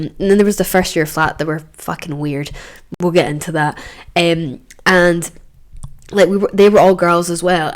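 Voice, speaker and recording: A young Scottish woman in her twenties hosting a podcast, telling stories in a casual, animated way, swearing freely and laughing as she acts out other people's lines. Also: lowish voice. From Scotland. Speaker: podcast host. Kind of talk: casual storytelling monologue.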